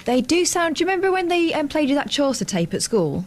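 A woman's voice: high voice, very animated, fast. A woman co-presenting a radio show, dry and teasing in casual chat.

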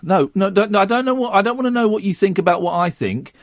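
A man's voice: high-pitched, lively intonation, fast talker, no room sound. A man with an English accent hosting a late-night call-in radio show, chatting and teasing his callers in a studio. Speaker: radio host. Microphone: studio microphone.

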